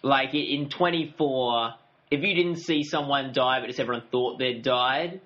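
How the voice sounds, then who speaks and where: A man's voice: medium pitch, normal speed, bright, forceful tone. A man co-hosting a casual podcast, rambling and chatty and laughing often. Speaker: podcast co-host. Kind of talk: casual recap chat. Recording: dull lo-fi audio.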